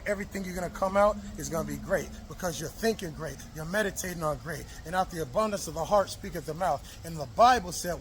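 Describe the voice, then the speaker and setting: A man's voice: sits high, fairly bright tone, slight background noise. A man giving a motivational talk to camera outdoors, preachy and repetitive, driving each point home with rallying questions. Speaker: motivational speaker. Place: outdoors in the rain.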